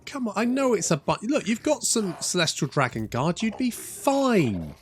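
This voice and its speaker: A man's voice: sits high, big pitch swings, fairly quick, slight background noise. A man giving casual, wry commentary over a strategy game, swearing freely and chatting to his units. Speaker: gaming channel host.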